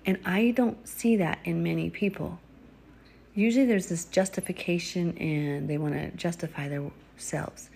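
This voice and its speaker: Earnest woman preaching, lowish voice. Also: a little slow, vocal fry, mellow, husky. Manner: earnest, exhorting, with laughs and asides. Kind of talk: informal religious teaching.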